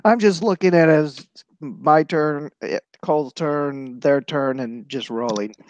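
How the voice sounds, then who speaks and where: A man's voice: on the high side, measured pace, a little mellow. A man playing a tabletop game, laying out his plans step by step while thinking aloud. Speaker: player. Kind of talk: casual tabletop play. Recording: dry, lo-fi recording.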